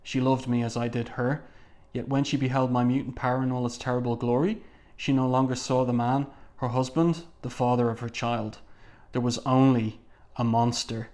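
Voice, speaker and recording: A grieving, vengeful middle-aged male mutant, read out by a man in a plain voice. His lines come with light emphasis, at an ordinary middle pitch. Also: flat delivery, normal speed, a little mellow, natural voice.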